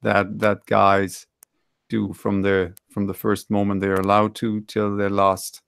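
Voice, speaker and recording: A man's voice: lowish voice, completely flat delivery, takes it slowly, gravelly, a bit bright, clean tone, no room sound. A man in casual online panel chat, rambling and correcting himself with wry asides.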